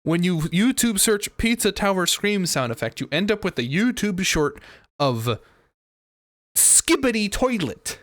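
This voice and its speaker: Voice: unhurried, dry recording, studio quality. A streamer chatting casually and rambling while playing a video game, with frequent restarts. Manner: rambling, animated, jumps into squeaky impressions. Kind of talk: casual gameplay commentary. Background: video game music.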